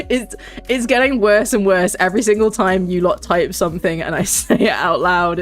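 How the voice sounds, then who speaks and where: A woman's voice: on the low side, moderate pace, faint music behind. A young woman, streaming a game and chatting casually in a rambling way, full of fillers. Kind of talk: casual gaming stream chat.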